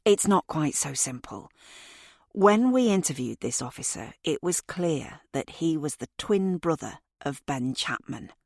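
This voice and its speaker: A woman voicing a calm, polite female police detective who speaks in a measured, courteous way. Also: low voice, dry recording, studio quality, heavily acted.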